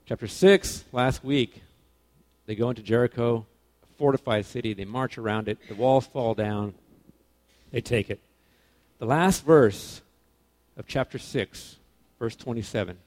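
A man preaching a casual sermon to young people, animated, swinging between loud emphasis and quiet asides, often correcting himself. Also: mid-range voice, a little slow. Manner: casual, self-correcting, informal phrasing.

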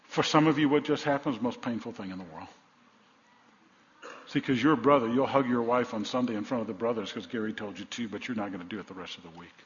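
A man in his sixties, a pastor preaching a sermon in a church, blunt and folksy, swinging between loud exhortations and quiet asides. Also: mid-range voice, fast talker. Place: church sanctuary. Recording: echoey hall, slightly dull sound.

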